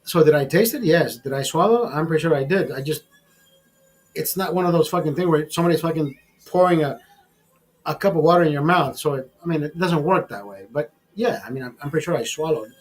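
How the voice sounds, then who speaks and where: A man with a slightly high voice talks fast over faint background music, and the audio quality is poor. He's hosting a casual livestream chat, spinning crude, rambling, swear-filled stories and calling his viewers brother and bro.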